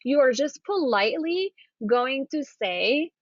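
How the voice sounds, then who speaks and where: A woman with a fairly high voice talks viewers through interview manners, showing how to act as she goes. She keeps checking in with short questions. The sound is dry, close and a bit muffled. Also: normal speed, no room sound. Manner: encouraging, repeats "okay?" and "right?". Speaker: interview coach. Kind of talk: demonstrating to camera.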